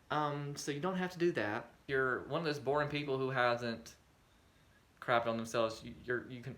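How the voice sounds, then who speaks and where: A man's voice: mid-range voice, normal speed, a bit bright. A young man vlogging a rambling, self-deprecating storytime with crude humor. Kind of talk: casual storytime monologue.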